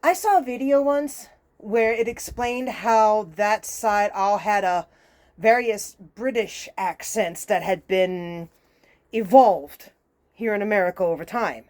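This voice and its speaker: A woman's voice: mid-range voice, slow pace, a little mellow. Fired-up woman ranting. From Louisiana. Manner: exasperated, profane, fired-up ranting. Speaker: host. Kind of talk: ranting casual monologue.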